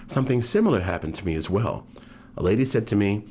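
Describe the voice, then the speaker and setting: A man's voice: lowish voice, fast talker, slight background noise. A man in his fifties from New York, telling stories from his life in an oral history interview and acting out the voices of people he quotes. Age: 50s. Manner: animated, acts out quoted voices.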